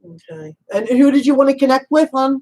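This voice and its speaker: A woman's voice: sits high, lively intonation, low-quality recording. Chatty woman medium calling people honey. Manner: chatty, warm endearments, frequent "you know"; laughs easily, asks rapid probing questions. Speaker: psychic medium. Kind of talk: casual spirit reading.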